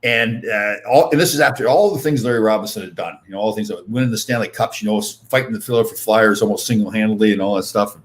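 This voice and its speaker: A man in his sixties, a former hockey player and podcast host, telling excitable anecdotes in a casual chat, full of restarts. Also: lowish voice, quick pace, hardly any pauses.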